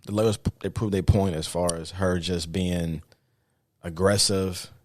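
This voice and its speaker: A man's voice: sits low, fairly even intonation, measured pace, darkish tone. A man co-hosting a podcast, reasoning through ideas hesitantly with lots of fillers. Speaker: podcast co-host. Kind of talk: casual podcast chat.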